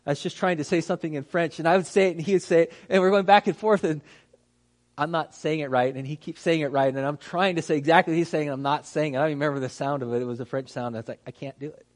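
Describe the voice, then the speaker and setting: A man who is a pastor giving a conversational teaching talk, lively and acting out how words get mispronounced, with many fillers and restarts. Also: on the high side, quick pace. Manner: animated, acts out mispronunciations.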